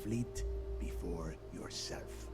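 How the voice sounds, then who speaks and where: Gravelly pirate boss in a game, bossy and threatening, game music behind. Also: male voice, low-pitched, exaggerated voice. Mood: menacing. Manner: commanding, threatening, slow deliberate warnings. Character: stern pirate fleet leader, menacing. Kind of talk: video game dialogue.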